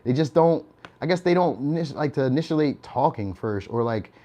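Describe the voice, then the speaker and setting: A man's voice: medium pitch, animated, normal speed, dark tone. A young man giving a casual, chatty tarot reading. He laughs often and keeps tagging his lines with "all right?". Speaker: tarot reader.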